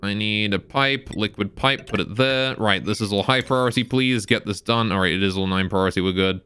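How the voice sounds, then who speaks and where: A man's voice: lowish voice, a little fast, sharp tone, smooth. A man streaming a game live, cursing and muttering as he plays and breaking off to chat with viewers. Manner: talks to viewers between game instructions. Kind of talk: live gameplay commentary.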